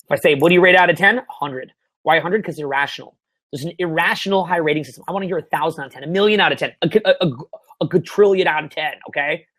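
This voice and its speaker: A young Canadian man coaching on dating in a profane, excitable way, swinging from mumbled asides to loud bursts. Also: on the high side, fast talker, dry recording. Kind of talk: webinar Q&A.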